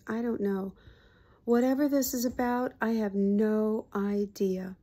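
A woman hypnotherapist giving a casual spiritual reflection, soft-spoken and heartfelt, sometimes sinking into hushed murmurs. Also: medium pitch, fairly even intonation, a little slow.

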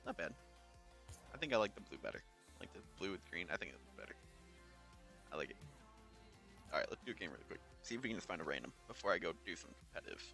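A man gives casual, chatty gameplay commentary in a bright voice, with pitch that swings widely. He thinks out loud and now and then breaks into excited high yelps. Faint game music plays behind him. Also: quick pace, creaky, pauses often. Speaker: YouTuber.

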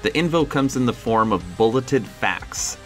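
A man hosting a gaming channel, reading news points aloud in a measured, list-like way. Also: mid-range voice, lively intonation, a bit bright, faint music behind.

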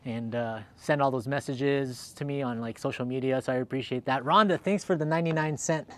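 A man's voice: medium pitch, a little fast, fairly bright tone. A chatty man from Southern California hosts a casual livestream outdoors, upbeat and thanking viewers one by one. He is slightly out of breath. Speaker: livestream host. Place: outdoors in cold weather.

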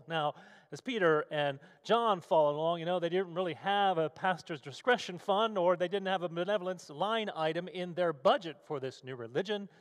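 Man preaching in an echoing hall. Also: on the high side. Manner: storytelling, vivid scene-setting. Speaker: pastor. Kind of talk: sermon. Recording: long hall reverb.

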